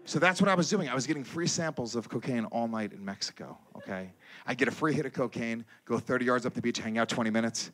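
Guy doing standup, swearing a lot, loud and animated, mid pitch, chatting up the crowd. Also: fast talker. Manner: loud, animated delivery with shouted character voices; profane, conversational banter with the crowd. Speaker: stand-up comedian. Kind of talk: stand-up comedy set. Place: comedy stage before a live audience.

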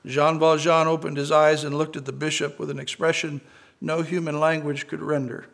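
Gravelly-voiced male pastor preaching. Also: on the high side, little pitch movement, moderate pace, fairly bright tone. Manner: earnest storytelling, quoting scripture. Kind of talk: sermon with read-aloud story.

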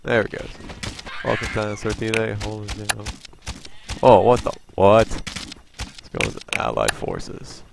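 Excitable young man swearing at a game. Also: lowish voice, slow pace, gravelly, long pauses, background noise. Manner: excitable, profane, yelling outbursts. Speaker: gamer. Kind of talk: let's play commentary. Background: game music and gunfire.

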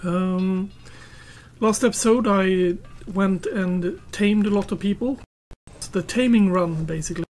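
A woman's voice: medium pitch, a little slow, a little mellow. A woman giving casual gameplay commentary, muttering to herself and chatting to her tamed pets as she plays.

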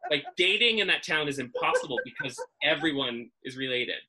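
A man's voice: fairly high pitch, animated, fairly quick, bright, forceful tone, slight background noise. A man from Massachusetts hosting a podcast, chatting casually over a video call and wandering into self-deprecating tangents. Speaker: podcast host.

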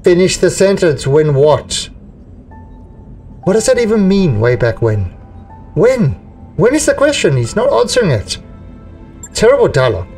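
A male game streamer giving excitable, joking live commentary while he plays and laughs often. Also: high voice, moderate pace, pauses often, distant mic, faint music behind.

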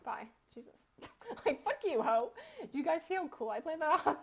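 High-voiced giggly young woman gaming. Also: expressive, normal speed. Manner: rambling, swearing, giggly, self-mocking. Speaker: gaming YouTuber. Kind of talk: casual gaming commentary.

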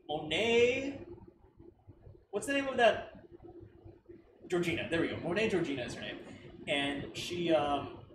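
A man hosting a casual reaction video, thinking aloud in a rambling way with lots of fillers and laughter. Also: on the high side. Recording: roomy, distant mic with clear background noise.

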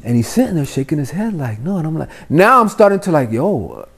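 Pitched on the high side and a touch quick, his voice is creaky and slightly rough. The speaker, a middle-aged Miami man of Cuban descent, is a lively podcast guest who swears through loose storytelling and acts out every voice.

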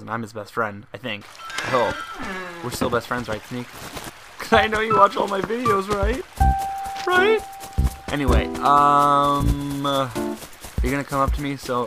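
Excitable young man narrating gameplay. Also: mid-range voice. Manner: rambling and chatty, bursting into shouts of excitement. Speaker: gaming video host. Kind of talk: let's play commentary. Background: game music.

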